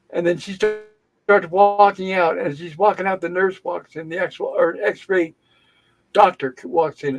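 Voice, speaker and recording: A man hosting a livestream, telling a story in a casual, animated and indignant way. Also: high-pitched, low-quality recording. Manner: animated, indignant venting with acted-out dialogue. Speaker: livestream host. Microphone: home livestream setup.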